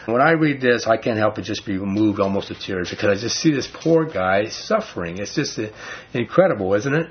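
A man leading a Bible study, reading scripture slowly and then explaining it in loose, casual talk with a husky voice. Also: medium pitch, animated. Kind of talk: informal Bible study teaching. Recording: dull lo-fi recording.

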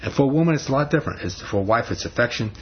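A man's voice: medium pitch, expressive, racing. A man giving a folksy, conversational sermon to a live audience, often repeating himself for emphasis. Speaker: speaker on marriage. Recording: dull muffled recording, faint hiss.

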